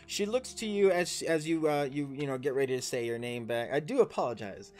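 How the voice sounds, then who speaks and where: A young man narrating as dungeon master, rambling and halting with many fillers. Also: on the high side, lively intonation, darkish tone, smooth, soft background music. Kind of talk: narrating a tabletop game.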